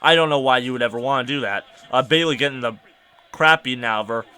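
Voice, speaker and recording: A young man hosting a podcast, ranting casually and with exasperation, his voice climbing to near-shouts. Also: mid-range voice, fast talker, clear, resonant tone. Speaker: podcast host.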